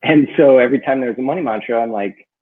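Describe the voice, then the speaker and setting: A man with a slightly husky voice tells a long personal story in a loose, rambling way, full of fillers and restarts. The sound is thin and phone-like. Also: medium pitch, fast talker. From northern Minnesota. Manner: rambling, many fillers, lively when quoting himself. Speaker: book club co-host. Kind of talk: casual storytelling chat. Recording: tinny phone-like audio.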